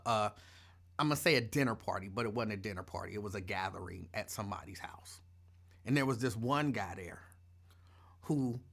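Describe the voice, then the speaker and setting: A man hosting his own live show, chatting casually in a rambling, playful, colloquial way and repeating phrases for emphasis. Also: mid-range voice. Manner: animated, rambling,喜 playful storytelling. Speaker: show host. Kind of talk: casual live-stream rant.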